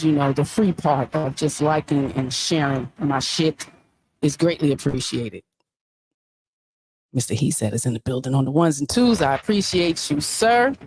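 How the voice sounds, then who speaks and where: A woman's voice: deep voice, a little hiss or hum. A woman hosting a casual livestream, preachy and emphatic, who repeats her points. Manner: animated, preachy, emphatic repetition. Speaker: livestream host.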